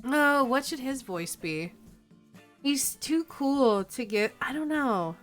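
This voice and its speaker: A woman's voice: high voice, lively intonation, slow, soft background music. A woman streaming a game, chatting playfully, giggling often and reading the story aloud. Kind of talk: let's play commentary and reading.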